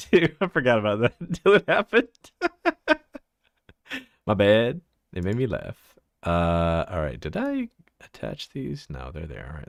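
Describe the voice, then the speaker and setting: A low-voiced man on a livestream, talking loosely and profanely while he tinkers with his setup. His pitch swings widely and he laughs easily. The sound is dry and close, with no room around it. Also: no echo. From Central Texas. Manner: loose and profane, laughs often, talks while fiddling with settings. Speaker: livestreamer showing his avatar model. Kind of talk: casual livestream chat.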